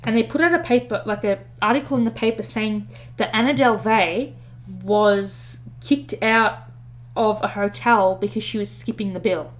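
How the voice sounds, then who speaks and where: A woman of middle pitch co-hosts a podcast and recounts a story in relaxed, chatty fashion. She fills gaps with ums and corrects herself mid-sentence as she goes. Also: normal speed, few pauses. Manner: chatty retelling with many fillers and self-corrections. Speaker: podcast co-host. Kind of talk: casual storytelling chat.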